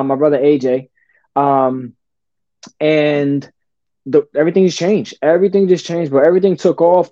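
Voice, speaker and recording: A middle-aged man tells a personal story in a lively, casual way and keeps calling the listener brother. His voice is mellow and dark. The recording is dry and a little dull. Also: on the high side, no echo. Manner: animated, calls the host brother and bro. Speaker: podcast guest.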